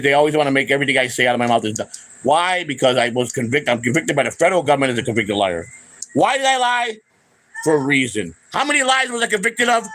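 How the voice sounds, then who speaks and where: A man's voice: on the high side, sing-song, fast talker, fairly bright tone, poor audio. An older man, the host of his own channel, ranting heatedly to camera with lots of swearing and repeated restarts. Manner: heated, profane, confrontational; repeats himself, trails off into restarts. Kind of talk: unscripted angry rant to camera.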